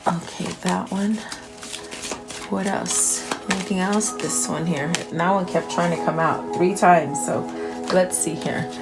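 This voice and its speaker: A woman giving a casual tarot reading, quietly murmuring questions to the cards and then reading their messages aloud in an unhurried, musing way. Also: on the low side, fairly even intonation, gravelly. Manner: unhurried and musing, with soft fillers. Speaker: tarot reader. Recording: music playing under the voice. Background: background music.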